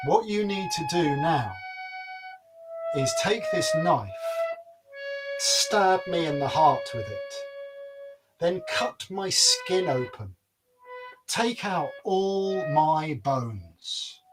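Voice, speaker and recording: A man voicing a calm, commanding young woman in a told folk tale, giving firm instructions. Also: on the high side, very slow, long pauses, over music.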